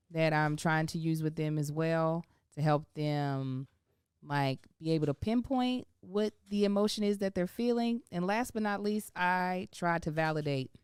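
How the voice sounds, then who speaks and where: Smooth, low-voiced woman chatting candidly. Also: moderate pace, darkish tone, no room sound, studio quality. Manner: candid, reflective, often laughing. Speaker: podcast co-host. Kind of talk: casual chat.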